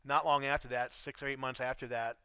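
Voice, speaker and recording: A man's voice: mid-range voice, little pitch movement, a little fast, bright, forceful tone, smooth, no echo. A middle-aged man telling his life story in a casual, blunt, profane way, calling the listener dude.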